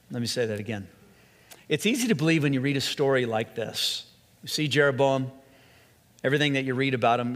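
A man preaching a sermon as a pastor, earnest, stretching key phrases slowly and often restarting his sentences. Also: mid-range voice, a bit bright. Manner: earnest, with slow emphatic phrases and frequent restarts. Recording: long hall reverb.

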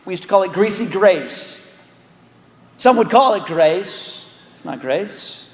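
A man preaching a sermon as pastor, animated, with joking asides and repeated words. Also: sits high, takes it slowly. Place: large church hall. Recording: echoey hall with long reverb.

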